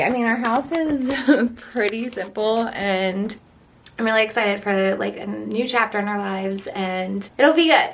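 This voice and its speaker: A woman's voice: a little high, slight background noise. A young woman vlogging a casual house tour, chatty and giggly, out of breath after a workout as she walks from room to room inside a house, filmed on a handheld vlog camera. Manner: chatty, giggly, talks while walking room to room.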